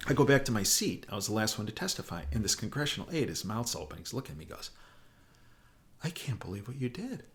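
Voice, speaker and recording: Animated older man telling a story. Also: fairly low pitch, rapid-fire, creaky, hardly any pauses. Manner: animated, acts out the people in his story. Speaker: doctor. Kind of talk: storytelling anecdote.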